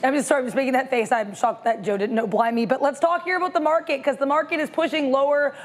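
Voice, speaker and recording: A woman reporting breaking news on a live market show in a brisk, clear, measured way. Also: high-pitched, fairly even intonation, slight background noise.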